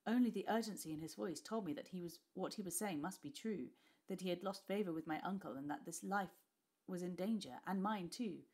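A woman with a British accent reading a class novel aloud, expressive and dropping to whispers for tense dialogue. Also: lowish voice, brisk. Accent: British English. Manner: expressive, voices characters, drops to whispers. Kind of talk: storybook read-aloud.

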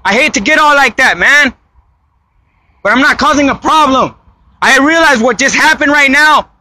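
Confronted by police, a frightened American citizen cries and pleads again and again at a normal speed. His voice is unusually high, strained and tense, and at times he breaks into shouting.

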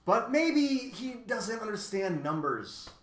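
A man's voice: high voice, very animated, takes it slowly, slight background noise, pitched above the performer's own voice, exaggerated voice. A man voicing a curious, earnest young boy in a storybook, recorded in an echoey room.

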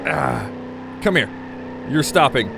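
A young gaming YouTuber jokes casually while playing a driving game, rambling and talking to the on-screen characters. His medium-pitched, creaky voice swings hugely in pitch at a slow pace, over a noisy background.

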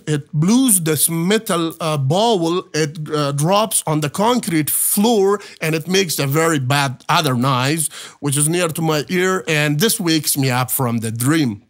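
Halting man, fairly high voice. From Afghanistan. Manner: halting, many fillers and restarts, earnest storytelling. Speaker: guest. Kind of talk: personal testimony in a podcast interview.

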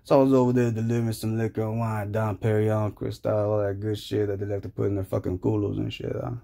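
A man's voice: on the low side, little pitch movement, quick pace, vocal fry, warm tone. A man telling a crude comic story in a profane, rambling, slangy way. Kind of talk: crude comedic storytelling rant.

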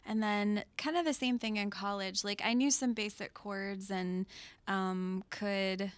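A woman's voice: medium pitch, fairly even intonation, measured pace, smooth, dry recording. A young adult woman, a singer-songwriter guest, chatting casually in a studio interview and laughing often. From Metro Detroit. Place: radio studio.

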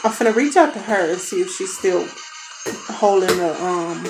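A woman's voice: lowish voice, lively intonation, normal speed, over music. A woman in her thirties telling a rambling story in casual chat, with asides to her kids, in a noisy home. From United States. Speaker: family vlogger, mother. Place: home basement.

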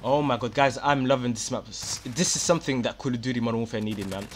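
A man and gaming YouTuber giving excited gameplay commentary, hyped and exclaiming often, voice a bit worn. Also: medium pitch, fast, a little hiss or hum. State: losing his voice a little.

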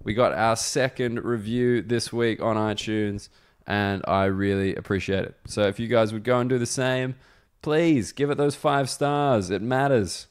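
A man's voice: mid-range voice, steady tone, unhurried, clear, resonant tone. A man, a podcast host and comedian, telling a loose, casual story full of fillers before chatting with his guest.

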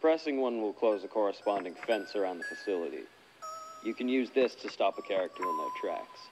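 A man voicing a casual phone guide in a horror video game, giving relaxed, chatty instructions. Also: lowish voice, fairly quick, music in the background, poor audio. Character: casual male night-shift guide on a phone.

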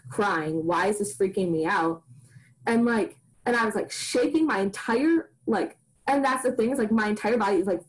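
A woman's voice: medium pitch, rough recording. A young adult woman, co-hosting a podcast, telling a personal story in a rambling, casual way, with "like" in nearly every phrase. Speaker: podcast co-host. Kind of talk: casual chat.

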